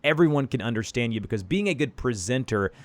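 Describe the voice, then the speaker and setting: A man's voice: mid-range voice, animated, fast talker, dry recording. A man with a Southern American accent hosting a podcast, asking thoughtful questions and repeating words as he starts his sentences. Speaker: podcast host. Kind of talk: casual podcast interview.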